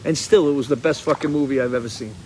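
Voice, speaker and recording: A man's voice: medium pitch, fast, slight background noise, rough recording. A man hosting a casual live stream from a porch, rambling and swearing while he tells stories, a little stoned. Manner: rambling, profane, animated storytelling. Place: outdoors on a porch.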